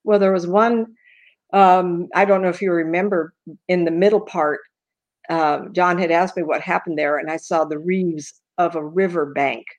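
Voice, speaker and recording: Older woman with a lower voice. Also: normal speed. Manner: lively interjections, explains matter-of-factly. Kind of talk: casual chat.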